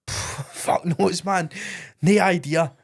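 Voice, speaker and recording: A young Scottish man co-hosts a podcast, his voice high-pitched and creaky, stretching out his words. In casual chat he tells embarrassing stories, swearing, laughing and calling people "mate" a lot.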